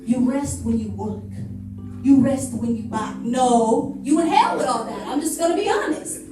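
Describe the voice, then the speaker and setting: High-voiced woman preaching in an echoing hall. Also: lively intonation, normal speed. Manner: sarcastic, switches into mock voices of churchgoers. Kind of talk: sermon with mocking role-play. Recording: echoey hall, heard from far off, music behind.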